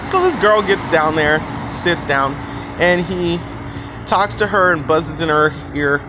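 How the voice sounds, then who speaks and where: A man's voice: on the high side, lively intonation, a little slow. A man casually telling a story, rambling with fillers and asides. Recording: noisy background.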